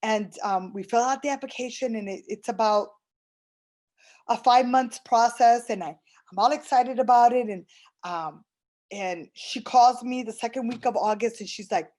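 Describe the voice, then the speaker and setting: A woman's voice: a little high, normal speed, a little mellow. A middle-aged woman giving an earnest personal testimonial, retelling conversations with fillers and restarts. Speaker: program client giving a testimonial.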